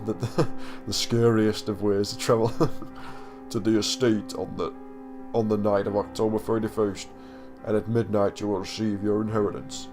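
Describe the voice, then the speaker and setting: A young man who plays a horror text adventure on his channel, reading the game's text dramatically and breaking off into jokey asides and laughter. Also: fairly low pitch. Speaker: gaming YouTuber.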